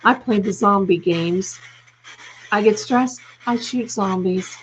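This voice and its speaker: Woman live-stream host, warmly affectionate with viewers, unhurried, with a faint hiss behind. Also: mid-range voice, poor audio. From United States. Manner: affectionate, calls viewers darling. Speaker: livestream host. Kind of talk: casual live chat reading comments. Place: home.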